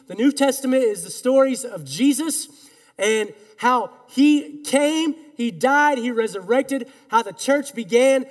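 High-voiced male pastor in a reverberant hall. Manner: earnest, emphatic, leads call-and-response. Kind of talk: sermon. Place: church sanctuary. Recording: long reverb of a large hall.

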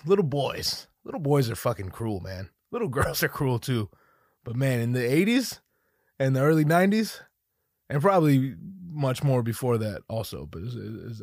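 In a medium-pitched voice with no room sound, a man in his thirties delivers a casual solo podcast monologue as host. Recording at home on a studio mic with a dog nearby, he rambles and jokes, heavy on profanity and self-mockery.

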